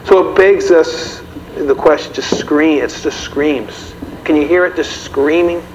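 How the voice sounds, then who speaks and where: A man delivers a sermon to a congregation in a loose, conversational manner and keeps turning to the audience with questions. His voice sits a little high. The recording is somewhat muffled, with a faint hiss underneath. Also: measured pace. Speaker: preacher. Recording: dull, slightly noisy recording.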